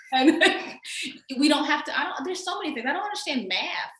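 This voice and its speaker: A woman with a Southern drawl chats about her book in a lively, emphatic way. Her voice sits a little high and rings bright. The sound is roomy and echoey. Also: a little hiss or hum. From Texas, USA. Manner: lively, emphatic, quick to laugh. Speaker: author. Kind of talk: casual conversation.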